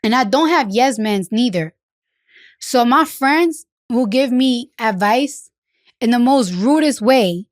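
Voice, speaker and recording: A woman's voice: a little high, expressive, takes it slowly, no room sound, clean studio sound. Blunt, foul-mouthed New woman. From the Bronx, New York. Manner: blunt, frank, swears freely, many fillers. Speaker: interview guest. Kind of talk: candid conversational interview.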